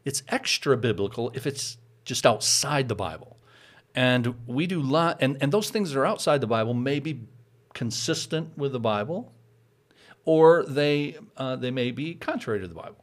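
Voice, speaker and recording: A man's voice: medium pitch, expressive, normal speed. A man who is a pastor, explaining church practice in a casual teaching chat, patient, with frequent chuckles.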